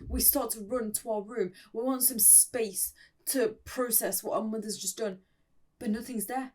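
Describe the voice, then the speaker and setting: A woman's voice: fairly high pitch, steady tone, measured pace, darkish tone, distant mic. Giggly woman reading a story aloud. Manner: giggly, sarcastic asides. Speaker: story reader and commentator. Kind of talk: casual story reading with commentary.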